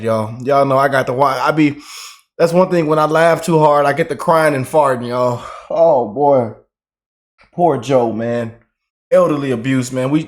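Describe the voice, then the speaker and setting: A man doing casual reaction commentary for his channel, loud and laughing, talking slangy to his viewers. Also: on the high side.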